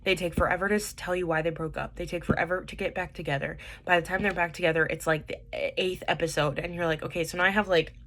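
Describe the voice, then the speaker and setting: A woman's voice: deep voice, a bit bright. A young woman with a stuffy nose from a cold, rambling casually in a vlog with many fillers and restarts. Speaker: vlogger reviewing dramas.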